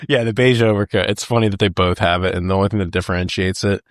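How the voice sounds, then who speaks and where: A man's voice: low voice, fairly even intonation, quick pace, no room sound, clean studio sound. A man co-hosting a podcast, chatting casually and enthusiastically about a movie, laughing often and using lots of filler words. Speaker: podcast co-host. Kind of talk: casual movie review chat.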